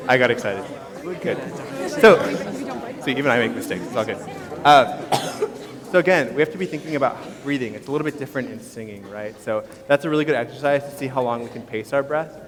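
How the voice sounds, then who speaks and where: A man's voice: medium pitch, fairly quick, a crowd in the background. Upbeat male choir teacher in a reverberant hall. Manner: upbeat, encouraging, instructive. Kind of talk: leading vocal warm-ups at a concert. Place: school concert hall. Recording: long hall reverb with audience.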